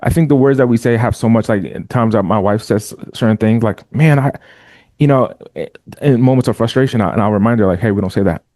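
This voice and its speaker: A man's voice: mid-range voice, brisk, mellow, no room sound, studio quality. A man speaking as a guest on a casual podcast, talking emphatically and repeating words as he builds each point. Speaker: podcast guest, entrepreneur and father.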